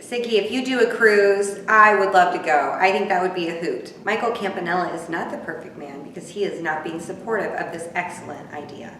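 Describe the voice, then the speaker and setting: A woman's voice: on the low side, a bit bright, slight background noise. Snarky woman recapping in an echoey room. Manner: snarky, gossipy, chatty. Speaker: reality TV recapper. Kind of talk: casual live recap commentary. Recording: echoey room, distant from mic.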